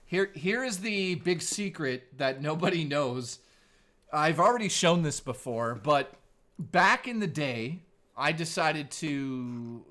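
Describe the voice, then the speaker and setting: A man's voice: a little high, fairly bright tone. A man in his forties, a streamer host chatting casually in a laid-back, surfer-style way. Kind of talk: casual live-stream chat.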